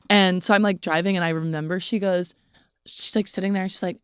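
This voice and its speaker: A woman's voice: mid-range voice, little pitch movement, fast, clean tone, no room sound, clean studio sound. A young woman co-hosting a podcast, telling rambling casual stories full of "like". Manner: rambling storytelling, heavy use of "like". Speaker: podcast co-host. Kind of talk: casual chat.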